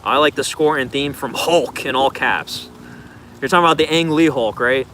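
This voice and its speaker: A man with an ordinary mid-range voice chats loosely through viewer questions on a livestream, drifting from thought to thought with plenty of filler words. His voice sits over a steady hiss of background noise. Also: medium pitch, normal speed, poor audio. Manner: rambling, laid-back, loose filler words. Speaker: streamer answering viewer questions. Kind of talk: casual livestream Q&A.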